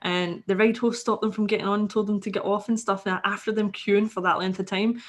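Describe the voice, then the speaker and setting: A woman's voice: mid-range voice, fairly even intonation, a little fast. A Scottish woman, a podcast guest, telling a story casually and animatedly, swearing freely and acting out the people she quotes.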